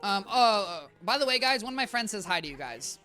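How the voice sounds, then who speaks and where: A woman's voice: medium pitch, big pitch swings, a little fast, pushed and bright, faint music behind. A young woman streaming a game from her apartment, rambling playfully and talking straight to her chat. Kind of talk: casual gameplay chatter. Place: home apartment.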